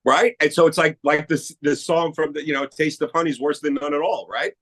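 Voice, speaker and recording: Fairly quick and pitched on the high side, this middle-aged Queens man is an actor being interviewed for a podcast. He keeps things casual, animatedly performing quoted dialogue as he tells stories, and the recording is rough.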